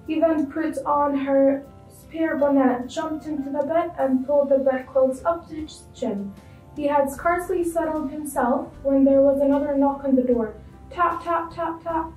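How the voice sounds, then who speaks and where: Female storyteller for kids, high mellow voice, expressive reading, echoey room mic. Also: moderate pace, recorded from a distance, faint music behind. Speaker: storyteller for school children. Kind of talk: children's story read aloud.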